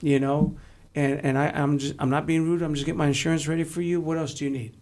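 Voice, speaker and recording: Gravelly man telling stories. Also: on the high side, flat delivery, fast talker, a little mellow. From San Antonio, Texas. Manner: blunt, joking, storytelling. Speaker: guest. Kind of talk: casual interview chat.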